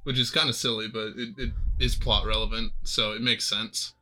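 A man chatting casually in a relaxed, hesitant way, with many fillers. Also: fairly low pitch, normal speed, soft background music, rough recording. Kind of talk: casual chat.

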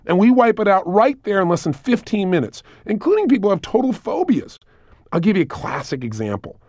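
A man's voice: high-pitched, very animated, fairly quick, darkish tone, no echo, clean studio sound. A man giving a recorded self-help lecture as a motivational speaker, emphatic and repetitive, telling stories.

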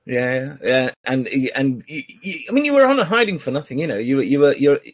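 A man's voice: mid-range voice, big pitch swings, brisk, no room sound. Rambling, jokey podcast host man. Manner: rambling, hesitant with many fillers, jokey. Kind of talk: casual podcast chat.

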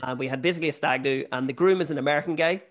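A man's voice: on the high side, very fast. A Northern Irish man hosting a podcast, talking casually and swearing freely. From Northern Ireland. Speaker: podcast host. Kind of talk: casual chat.

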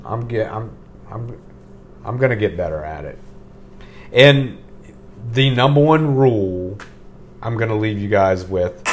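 A middle-aged man hosting a casual podcast, talking in a relaxed, rambling way and swearing now and then. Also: low-pitched. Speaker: podcast host. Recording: faint background hiss.

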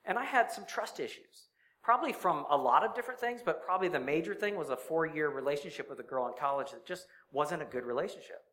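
A man's voice: a little high, expressive, fast, a bit bright, low-quality recording. A man giving a confessional testimony as a church speaker, speaking earnestly through a sore, dry throat. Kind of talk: personal testimony sermon.

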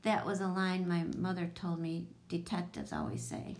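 A woman narrating a children's chapter book in a steady, even storytelling voice. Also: fairly low pitch, normal speed, hardly any pauses, slight background noise. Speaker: audiobook reader.

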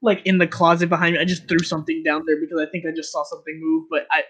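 Jittery man with a higher voice. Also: completely flat delivery, rapid-fire, a bit bright, slightly rough. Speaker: listener on a call. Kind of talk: casual chat.

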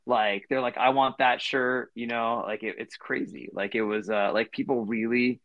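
A man's voice: medium pitch, fairly even intonation, moderate pace, no echo, highs cut off. Podcast co-host, man, 30s, mid-range voice; loose rambling delivery full of fillers, dry recording. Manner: rambling, many fillers and restarts. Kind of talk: casual storytelling chat.

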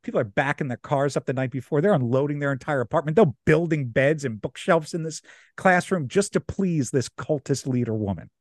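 A young man and podcast co-host, telling a story in casual chat, animated and laughing as he acts out the people in it. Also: a little high, brisk, dry recording, studio quality.

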